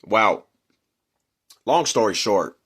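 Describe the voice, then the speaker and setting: A man's voice: lowish voice, slow, husky. Slangy man telling a street story. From Denver, Colorado. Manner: slangy, animated, acts out quotes and punches.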